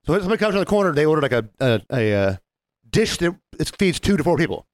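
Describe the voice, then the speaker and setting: A man spins a quick, animated story for a podcast and slips into the voices of the people he describes. His pitch jumps all over the place, and his voice sits on the higher side. The sound is close and dry. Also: dry recording. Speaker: podcast co-host. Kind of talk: casual storytelling.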